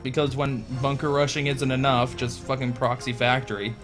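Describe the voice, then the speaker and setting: A young man with a mid-pitched voice casts a video game match in a sardonic, profane tone. Clear game music runs under his commentary. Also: little pitch movement, normal speed, a bit bright. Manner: sardonic, profane, laughs often. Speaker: esports commentator.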